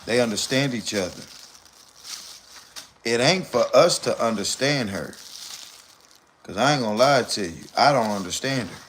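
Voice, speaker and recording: A man's voice: medium pitch, lively intonation, moderate pace, long pauses, a bit bright, slight background noise. A man talking casually on a live stream. He comments animatedly and repeats points for emphasis.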